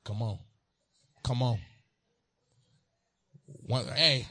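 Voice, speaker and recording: A man's voice: on the low side, fairly even intonation, fairly quick, darkish tone. A man preaching a sermon in a folksy, playful way, talking straight to the congregation.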